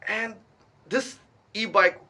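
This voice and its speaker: Man, vlogger; higher, bright, forceful voice; animated storytelling full of restarts. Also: takes it slowly. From India. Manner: animated, emphatic retelling with many restarts. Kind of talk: personal storytelling to camera.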